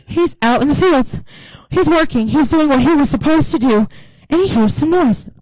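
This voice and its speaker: A woman's voice: high voice, expressive, moderate pace, darkish tone, slight background noise, rough recording. A woman pastor preaching a sermon in a casual, humorous storytelling way.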